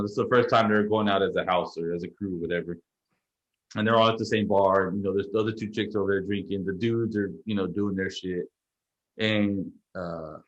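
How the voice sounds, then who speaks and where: A man's voice: on the low side, dull audio. Profane man recounting a story. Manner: profane, rambling, animated retelling. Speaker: podcast co-host. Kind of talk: casual storytelling chat.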